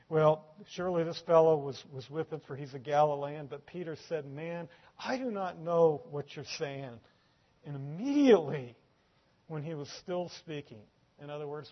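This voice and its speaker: Emphatic preacher man, dull lo-fi sound. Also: fairly high pitch. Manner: emphatic, swings from loud peaks to quiet asides; repeats words when building up. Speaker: pastor. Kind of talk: sermon.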